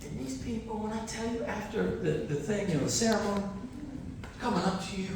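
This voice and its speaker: A man's voice: high-pitched, brisk, vocal fry. Storytelling man in an echoey hall. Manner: animated storytelling with laughs and restarts. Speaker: keynote speaker. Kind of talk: motivational conference speech. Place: university conference hall. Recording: echoey hall, distant mic, faint noise.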